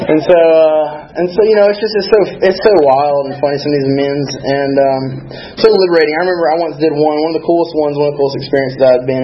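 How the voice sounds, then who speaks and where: Fast-talking man with a lilt. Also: mid-range voice, lo-fi sound, a little hiss or hum. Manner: candid, rambling, self-deprecating. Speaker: speaker sharing recovery story at a meeting. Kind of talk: personal recovery testimony.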